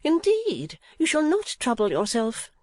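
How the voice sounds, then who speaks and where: A man's voice: very high-pitched, wildly swooping pitch, measured pace, dry recording, clean studio sound, voice pushed up, full character voice. A man reading an audiobook, voicing a fussy, talkative middle-aged mother in a raised, swooping voice. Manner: rambling, flustered, swooping. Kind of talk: audiobook character voice.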